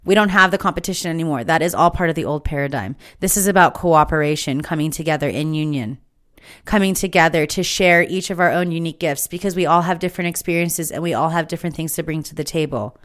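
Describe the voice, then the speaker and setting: A woman's voice: low voice, quick pace, a bit bright. A woman hosting her own podcast, giving an impassioned, emphatic spiritual monologue that is full of swearing. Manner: fired-up, emphatic, swears freely. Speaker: podcast host.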